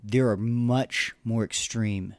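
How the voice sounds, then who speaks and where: A man's voice: fairly low pitch, steady tone, slow, no room sound. A man hosting a solo opinion podcast, talking earnestly and with passion, often repeating words as he gathers his thoughts. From United States. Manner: earnest, impassioned, repeats words while searching for them. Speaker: podcast host.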